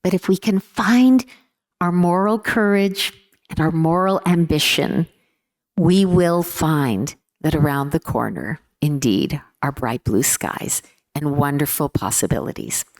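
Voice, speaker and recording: A woman giving a formal speech in an earnest, measured way, stressing repeated words. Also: deep voice, darkish tone. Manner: earnest, measured, with emphatic repetitions. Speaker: speaker.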